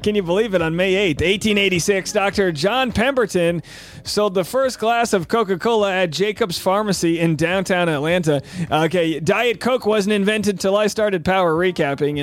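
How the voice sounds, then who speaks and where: A man hosting his own podcast as a stand-up comic, talking in an upbeat, jokey way with rambling asides. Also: high-pitched. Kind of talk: energetic solo podcast chat.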